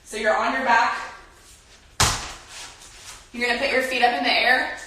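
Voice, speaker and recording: Young female workout coach, casual and chatty, a bit out of breath, somewhat high voice, heavy room echo. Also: moderate pace, pauses often, sharp tone, slight background noise. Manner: chatty, talks while exercising. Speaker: workout instructor. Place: home room. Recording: very echoey room, from a distance.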